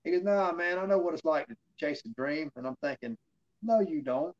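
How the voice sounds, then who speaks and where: A man's voice: fairly high pitch, fairly quick, lo-fi sound. Rambling man with a drawl. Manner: rambling anecdotes with fillers, acting out quoted dialogue. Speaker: interview guest, former wrestler. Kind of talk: casual storytelling in an interview.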